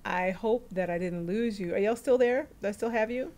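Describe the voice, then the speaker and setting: A woman's voice: mid-range voice, normal speed, a little mellow, a little hiss or hum. Chatty woman streaming live from a phone. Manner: chatty, laughs often, greets viewers by name. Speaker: livestream host. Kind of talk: casual livestream chat.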